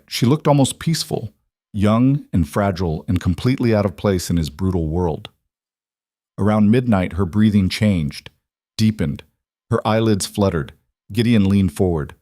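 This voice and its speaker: A man with a low voice narrates a dramatic western tale, measured and brooding. The sound is dry and close, with no room echo. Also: darkish tone.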